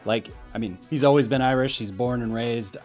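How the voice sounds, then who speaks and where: A man's voice: mid-range voice, brisk, darkish tone, soft background music. A man hosting a casual commentary vlog, talking in a rambling, self-deprecating way. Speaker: video host.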